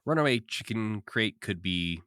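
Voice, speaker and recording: A man's voice: fairly low pitch, expressive, a little slow, fairly bright tone, smooth, no echo, studio quality. A man co-hosting a podcast, chatting casually and recapping with frequent laughs. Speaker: podcast co-host. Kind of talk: casual chat.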